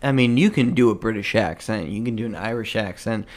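A man's voice: fairly low pitch, brisk, darkish tone. A man co-hosting a casual podcast, rambling and laughing as he chats. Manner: rambling, laughs often, sings snippets. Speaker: podcast co-host.

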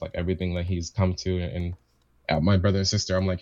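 Casual male storyteller, deep voice, rambling and repetitive, dry lo-fi sound. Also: level tone, quick pace, a little mellow, dry recording. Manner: rambling, repeats himself, quotes family members. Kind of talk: casual chat, personal story.

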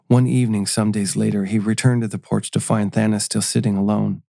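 Man reading a story, low and gravelly, mellow dark tone, dry close mic. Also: little pitch movement, no room sound. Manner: measured, storytelling. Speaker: narrator. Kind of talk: scripted narration.

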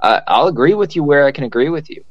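A man's voice: on the high side, animated, fast, no room sound, lo-fi sound. A man hosting a podcast in casual chat, rambling with lots of fillers and swearing freely. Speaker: podcast host.

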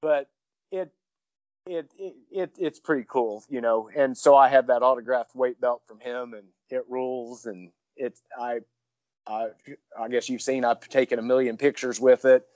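A man, a professional wrestler, telling a story in an interview, rambling excitedly with many restarts. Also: medium pitch, moderate pace, no room sound, dull audio.

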